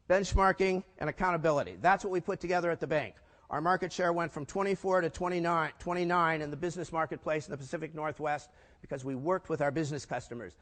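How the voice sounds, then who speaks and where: Older guy doing a business keynote, quick rhetorical questions, slightly high voice, big echoey hall. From United States. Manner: punchy, asks the audience rhetorical questions. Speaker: keynote speaker. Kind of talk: business conference talk. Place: large conference hall.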